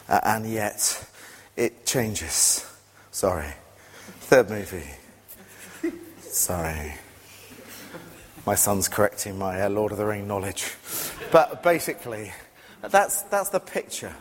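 A man delivering a lively sermon in a church hall, his voice trailing off in a long reverb. He tells stories with animated energy and breaks into sudden loud, excited bursts. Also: on the low side, takes it slowly, slightly rough. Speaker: preacher.

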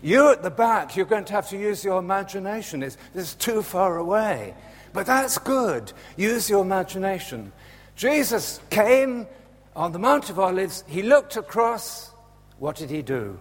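A man preaching a sermon in a church, slow and animated, dropping to a hush and rising again. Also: sits high, slightly rough. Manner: slow, animated, swings from loud to hushed. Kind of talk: Palm Sunday sermon. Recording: echoey church hall with long reverb.

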